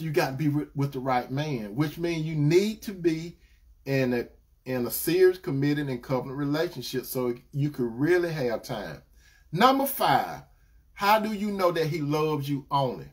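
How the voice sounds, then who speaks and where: Preacherly man, fairly high voice. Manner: repetitive, preacherly, addresses brothers and sisters. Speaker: relationship teacher. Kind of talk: live-streamed preaching talk.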